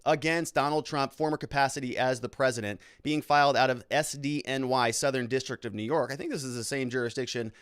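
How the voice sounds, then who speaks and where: A man who is a lawyer hosting his own show, giving casual legal commentary with animated, self-interrupting talk. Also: mid-range voice, brisk, few pauses, clean tone, no room sound, clean studio sound.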